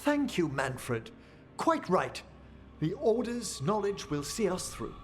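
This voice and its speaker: In this video game dialogue, a high-voiced male actor fully inhabits the role of a gracious, aging death-magic scholar. His speech is formal, measured and wistful, with a sing-song lilt, and soft music plays in the background.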